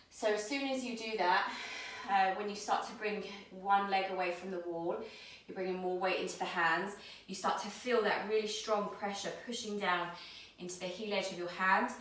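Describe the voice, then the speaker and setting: A woman's voice: mid-range voice, moderate pace. Breathless woman guiding yoga in an echoey room. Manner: calm, guiding cues while demonstrating. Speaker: yoga teacher. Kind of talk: instructional yoga class. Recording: very echoey room, mic at a distance.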